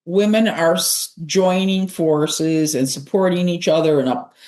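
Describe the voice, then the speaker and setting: A woman's voice: lowish voice, measured pace, darkish tone. An older woman co-hosting a casual fashion chat, talking in a rambling, playful way. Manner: chatty, rambling, playful repetitions. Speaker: co-host, senior style icon.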